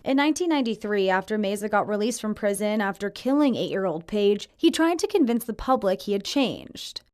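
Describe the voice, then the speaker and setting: A woman TV news reporter narrating a scripted crime report in a crisp, measured delivery. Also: mid-range voice, animated, a little mellow.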